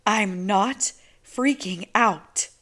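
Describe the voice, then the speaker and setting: A woman reading an audiobook, voicing an anxious, intense teenage girl who is suspicious and quick to take offense. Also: fairly bright tone, lightly acted. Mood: defensive. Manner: tense, quick, high-strung. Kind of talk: audiobook character voice.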